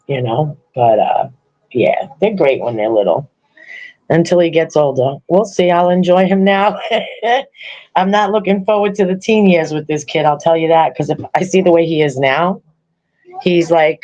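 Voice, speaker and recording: An older woman hosts a podcast in a casual, rambling way, often breaking into laughter. Her voice sits a little low for a woman. She chats loosely with listeners as a grandmother would. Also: normal speed, warm tone, highs cut off. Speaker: podcast host. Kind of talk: casual chat.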